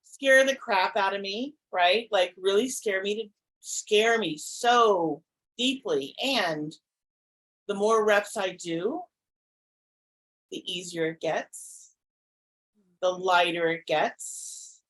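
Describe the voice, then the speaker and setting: A woman's voice: mid-range voice, takes it slowly, long pauses, fairly bright tone, poor audio. A woman hosting a podcast, talking earnestly and reflectively, often restarting her sentences. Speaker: podcast host. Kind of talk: casual conversation.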